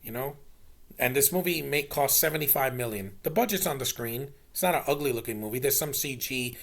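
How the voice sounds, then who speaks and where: A man's voice: mid-range voice, a little fast, gravelly. A man giving a casual, blunt film review, exasperated and swearing, often restarting his sentences. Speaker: movie reviewer.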